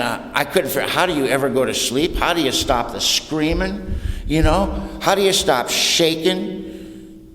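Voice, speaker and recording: A man's voice: on the high side, a bit bright. Folksy man telling stories in an echoey hall. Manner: colloquial, folksy storyteller, loose and plainspoken. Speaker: recovery meeting speaker. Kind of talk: humorous recovery talk to an audience. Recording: roomy hall with long echo.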